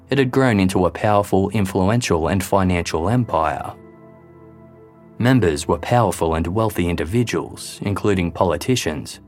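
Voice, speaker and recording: A man reading a scripted true-crime narration in a measured, grave way. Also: low voice, a little mellow. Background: faint background music.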